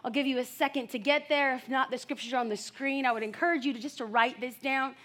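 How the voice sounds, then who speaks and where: A young adult woman from the United States preaching a sermon, telling animated stories with bursts of loud excited shouting. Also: sits high, fast.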